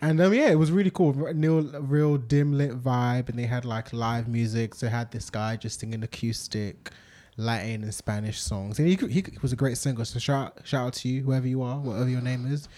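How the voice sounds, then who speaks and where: Young male co-host, mellow tone, measured enthusiastic delivery. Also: medium pitch, steady tone. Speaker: podcast co-host. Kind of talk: casual chat.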